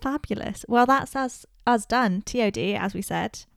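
A woman's voice: a little high, normal speed, vocal fry, no echo. A woman co-hosting a podcast in casual chat, playful and self-mocking, recorded close and dry. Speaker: podcast co-host.

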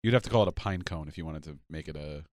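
A man co-hosting a radio talk show, tossing in jokes and quick reactions. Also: a bass voice, darkish tone, no room sound, studio quality. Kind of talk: casual banter.

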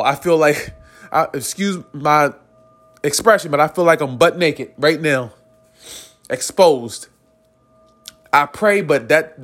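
Man, podcast host, high voice, rambling spiritual monologue, earnest, chuckling. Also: a bit bright. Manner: earnest, chuckles between phrases.

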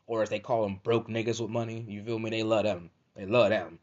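A man's voice: lowish voice, flat delivery, fairly quick. A man delivering a profane comedic rant as a podcast host, repeating "you feel me" constantly. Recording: dull lo-fi audio.

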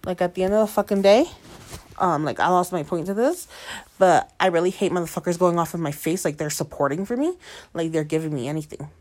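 A defiant woman in her late twenties rants about her life, swearing heavily and circling back to the same points. Her voice sits a bit low, and she drops into Spanish mid-sentence now and then. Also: brisk, darkish tone. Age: 20s. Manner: heavy swearing, defiant, repeats herself; switches between English and Spanish. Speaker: single mother. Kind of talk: venting monologue to camera.

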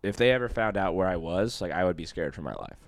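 A man's voice: deep voice, lively intonation, fast talker, dry recording, clean studio sound. A young man telling a long personal story in casual chat, profane and rambling, full of fillers.

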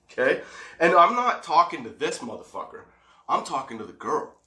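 A man vlogging, telling a personal story in casual, profane, animated talk and laughing often. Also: on the high side, measured pace, roomy sound.

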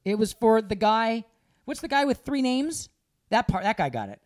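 A man's voice: high voice, moderate pace. A man in casual chat, telling funny stories with lots of laughter and put-on voices. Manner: animated storyteller, laughing often and putting on voices.

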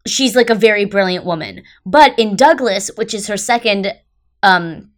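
A young woman co-hosting a podcast, talking in an animated, chatty way with lots of fillers. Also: medium pitch, moderate pace. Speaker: podcast co-host. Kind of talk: casual chat.

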